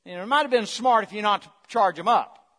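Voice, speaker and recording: A middle-aged male pastor preaching a sermon, swinging between loud emphatic lines and quiet low asides, coaxing the congregation to respond. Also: fast, long reverb tail. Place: church sanctuary.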